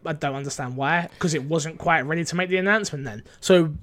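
A man's voice: fairly high pitch, fast, fairly bright tone. A young man co-hosting a casual gaming news chat, reading out stories with frequent stumbles and a playful, rambling manner.

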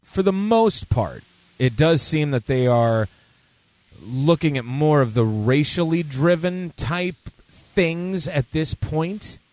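A man's voice: a little high, takes it slowly, darkish tone. A man co-hosting a casual podcast, reading news aloud and cracking crude jokes. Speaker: podcast co-host.

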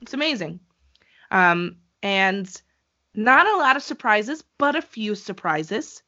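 A bright, excitable woman chatting as co-host, quick to laugh and to throw in animated asides. The recording sounds a little dull and lo-fi, her voice crisp and forward at the top. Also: medium pitch. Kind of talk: casual wrestling chat.

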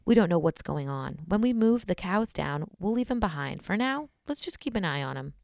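Woman voicing a cautious herder man, creaky low, dry close sound. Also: big pitch swings, a little fast, a little mellow, no room sound. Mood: wary. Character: wary cattle herder Alfred, man.

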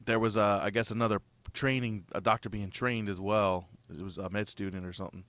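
A young man with a bright, forceful voice tells a story in a loose, rambling way. He swears freely and acts out what he said back then. The sound is close and dry, with no room in it. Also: on the low side, steady tone, a little fast, no room sound. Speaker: new father telling a birth story. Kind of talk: casual chat.

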